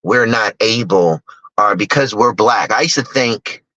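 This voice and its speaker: Middle-aged man, low voice, candid and emphatic storyteller, dry lo-fi audio. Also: unhurried, sharp tone, dry recording. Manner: emphatic, candid, acts out other people's lines. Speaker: guest speaker, investor. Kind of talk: personal storytelling talk. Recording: dull lo-fi dry recording.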